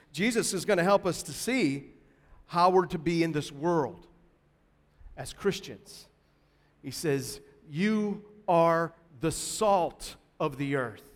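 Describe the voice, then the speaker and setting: A man preaching a sermon as pastor, emphatic and deliberate, building to loud stresses on key words. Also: high-pitched, long reverb tail.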